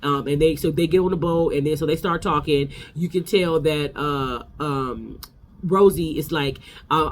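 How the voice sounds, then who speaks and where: A man's voice: fairly high pitch, normal speed. A man giving a casual, sassy gossip recap of a reality show, talking straight to his viewers.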